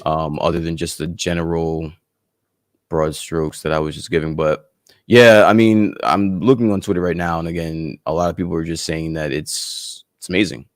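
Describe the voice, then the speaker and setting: A man co-hosting a casual livestream chat, relaxed and thinking aloud with lots of fillers. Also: low voice, moderate pace, no echo, clean studio sound. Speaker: podcast co-host.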